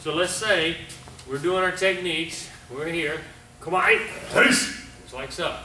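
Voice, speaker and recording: A middle-aged man teaching martial arts kicks on video, calling out commands loudly and checking in with "all right?". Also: fairly high pitch, measured pace, a little hiss or hum. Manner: calls out commands loudly and coaches with frequent "all right?" and "okay?". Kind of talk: teaching a kicking class on video.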